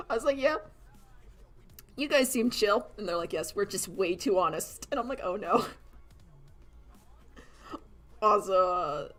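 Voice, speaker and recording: A young woman chats casually on a livestream while drawing, sarcastic and giggly, laughing a lot and acting out quoted voices. She has a medium-pitched, slightly bright voice.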